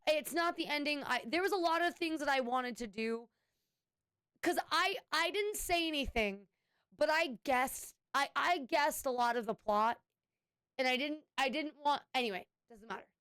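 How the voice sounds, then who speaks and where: Her voice sits high with a fairly bright tone at normal speed, in studio-quality audio without echo. This woman streamer chats loosely with viewers, wandering off and restarting her sentences with frequent "anyway"s. She keeps it talkative, pausing to thank subscribers.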